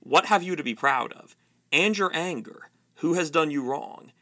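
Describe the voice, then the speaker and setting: A man voicing a majestic male lion, speaking quietly and solemnly while reading a novel aloud. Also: a little high, animated. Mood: grave. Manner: quiet, solemn, measured delivery.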